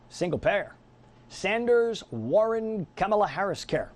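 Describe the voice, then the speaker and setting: A middle-aged man hosts political talk radio in a combative, sarcastic monologue. His pitch sits a little high and swings widely as he mocks and jabs. He delivers it as an animated rant. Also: moderate pace. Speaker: radio talk show host.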